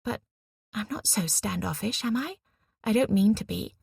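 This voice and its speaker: A woman voicing a reserved, tired young war artist, speaking softly and gently. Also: medium pitch, moderate pace, gravelly, slightly rough, no echo, studio quality, voice pushed up, full character voice. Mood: gentle.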